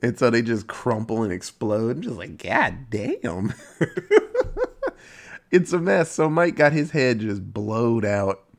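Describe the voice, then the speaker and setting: Man, casual movie recap, profane, animated storytelling, sudden pitch jumps, middle pitch. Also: moderate pace, gravelly. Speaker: movie reviewer.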